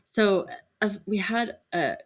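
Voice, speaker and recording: A woman's voice: medium pitch, slow pace. A woman in her thirties, a podcast host telling a story in casual chat, acting out the voices of the people in it. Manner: animated storytelling, acts out quoted voices.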